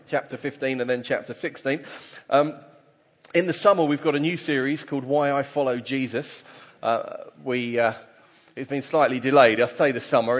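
Preacher in a reverberant hall. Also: male voice, medium pitch. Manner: conversational, animated when reading scripture. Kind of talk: sermon with scripture reading. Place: church hall.

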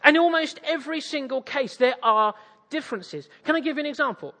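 A man's voice: very high voice, animated, a little fast, bright, forceful tone, in a large hall. A man from East Anglia with an English accent, preaching a sermon with audience interaction, jovial and self-mocking. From East Anglia, England.

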